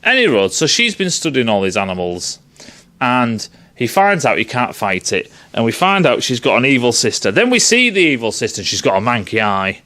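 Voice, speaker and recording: A man's voice: medium pitch, sing-song, brisk, sharp tone. A man giving a profane, sarcastic film review rant, swearing freely and sounding exasperated.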